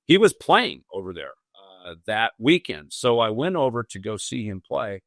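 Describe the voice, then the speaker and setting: A man's voice: lowish voice, big pitch swings, moderate pace, a bit bright, no echo. Man telling a story, lots of "you know". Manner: rambling, full of "you know" asides. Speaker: podcast host. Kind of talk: casual conversational storytelling.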